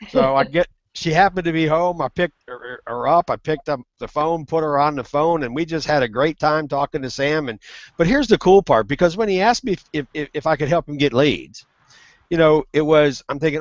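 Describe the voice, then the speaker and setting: A man on a video call telling a funny story in a lively, animated way. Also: a little high, moderate pace, no room sound, lo-fi sound. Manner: animated storyteller, laughs at own jokes. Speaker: guest. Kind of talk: casual storytelling.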